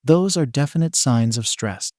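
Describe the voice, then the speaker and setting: A jittery young woman thinks aloud in a hesitant, rambling way, read out by a man in his everyday voice. The voice sits at a medium pitch and sounds dry and close. It is a storybook reading. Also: animated, moderate pace, darkish tone, no echo, close to an everyday voice. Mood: musing. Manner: hesitant, rambling inner thoughts. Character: nervous, awkward young woman, overthinking.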